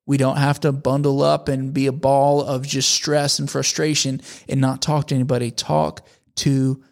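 A man's voice: medium pitch, flat delivery, moderate pace, vocal fry. A man in his thirties preaching in a conversational, earnest way, often repeating phrases for emphasis. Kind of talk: sermon.

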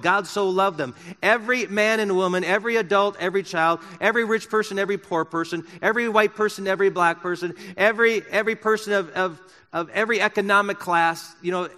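A male pastor delivers an impassioned sermon with a bright, forceful voice that sits a little high. He leans hard into key phrases, then slows and softens to draw listeners in. The sound carries the long reverb of a big church hall. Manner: impassioned preaching, swinging from loud emphasis to soft and slow. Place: church sanctuary.

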